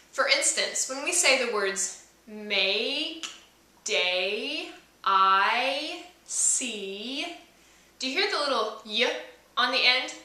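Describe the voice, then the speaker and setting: A woman's voice: fairly high pitch, bright, forceful tone. A woman who is a voice teacher, explaining singing technique to camera in a friendly way. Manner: friendly explaining, with sung demonstrations. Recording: echoey room, mic far off.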